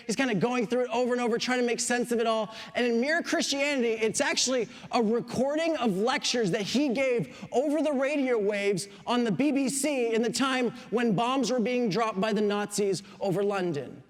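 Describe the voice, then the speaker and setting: A man's voice: very high-pitched, brisk, few pauses, big-room sound. A pastor in his thirties from Quebec, preaching a sermon with joking asides. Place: church.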